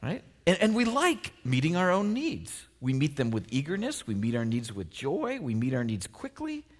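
Male pastor, sermon, lively swooping delivery, slightly high voice, chatty rhetorical questions. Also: moderate pace. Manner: conversational and animated, full of filler likes and rhetorical questions.

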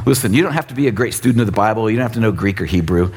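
A man in his sixties preaching a sermon in a casual, animated way, acting out quotes. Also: fairly low pitch, brisk, breathy edge. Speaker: pastor.

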